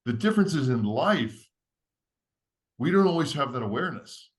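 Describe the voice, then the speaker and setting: A man speaks as a podcast guest, laying out a step-by-step framework in an earnest, teacherly voice. His delivery is structured and steady, like a seasoned author explaining ideas in conversation. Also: medium pitch, normal speed.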